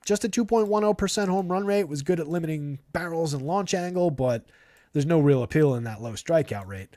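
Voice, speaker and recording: A man's voice: a little high, lively intonation, mellow, no room sound, studio quality. A man hosting a live fantasy baseball show, reeling off statistics and blunt opinions on players. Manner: rapid stat-heavy analysis, opinionated. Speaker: fantasy baseball analyst host. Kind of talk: live stream stat breakdown.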